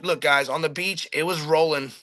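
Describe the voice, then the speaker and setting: A middle-aged man excitedly telling a fishing story in casual chat, acting out his own quotes and restarting his sentences often. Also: on the high side, moderate pace. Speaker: charter boat captain telling a fishing story.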